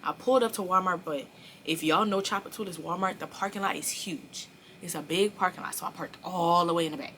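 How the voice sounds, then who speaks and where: A woman in her early twenties telling a personal story in a casual, animated and profane way, acting out the dialogue. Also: fairly low pitch, fairly quick, a little hiss or hum. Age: early 20s. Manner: animated, blunt and profane, acts out quoted dialogue. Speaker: storyteller vlogger.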